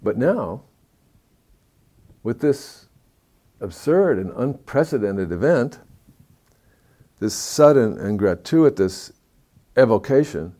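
A man telling a story in a talk, moving between hushed, somber passages and lively, excited stretches. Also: on the low side.

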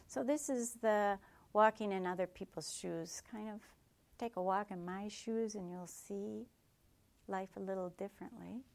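A woman meditation teacher giving a dharma talk in a gentle, reflective way with soft asides. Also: medium pitch, unhurried, vocal fry.

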